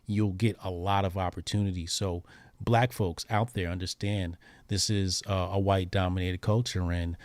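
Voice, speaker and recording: Low-voiced provocative man host. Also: steady tone, moderate pace, a little mellow, dry recording. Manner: emphatic, provocative, slangy. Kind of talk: casual commentary chat.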